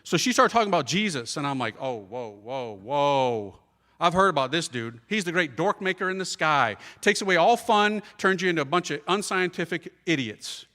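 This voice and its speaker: Man, priest storyteller, bright and animated, mimics others, big reverberant hall. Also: sits high, a little fast, hardly any pauses. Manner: animated, acts out voices of others, humorous. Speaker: priest giving a testimony talk. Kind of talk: lively storytelling talk.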